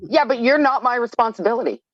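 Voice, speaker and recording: Woman, upbeat guest talking fast over dull, lo-fi remote call audio. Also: a little high, expressive, no echo. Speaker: business owner guest. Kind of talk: casual chat.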